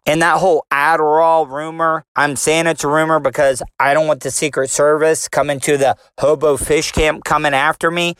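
Man, podcast host, rambling, profane jokes, nerdy voice, slightly high, dry close sound. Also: fairly bright tone, clear, resonant tone, no echo. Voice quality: nerdy voice, as he calls it. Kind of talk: casual solo podcast monologue.

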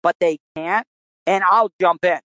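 A man's voice: sits high, a little slow, bright, forceful tone, no echo, muffled recording. Easygoing man hosting a podcast. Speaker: podcast host. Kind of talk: casual chat.

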